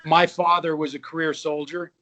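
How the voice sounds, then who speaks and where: A man's voice: a little high, normal speed. Man in his fifties telling stories. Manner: lively anecdotes with quoted dialogue. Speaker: actor and musician, guest. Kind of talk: casual interview storytelling.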